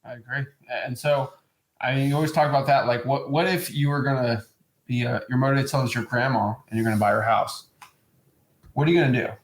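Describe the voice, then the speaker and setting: A man's voice: medium pitch, fairly even intonation, quick pace, echoey room, low-quality recording. A man co-hosting a casual chat, talking animatedly and breaking into mock salesy voices. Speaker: co-host.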